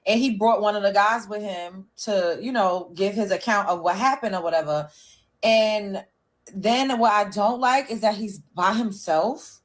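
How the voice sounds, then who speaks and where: A woman's voice: medium pitch, moderate pace. A woman host giving casual commentary, chatty and retelling events with quoted voices.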